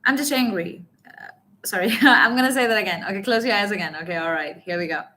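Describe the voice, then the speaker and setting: A woman teaches business English in a live online stream. Her voice is bright and carries force, at a middle pitch for a woman. She talks animatedly and keeps checking in with her viewers. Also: animated, fast talker. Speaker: English coach. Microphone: webcam or phone mic on a live stream.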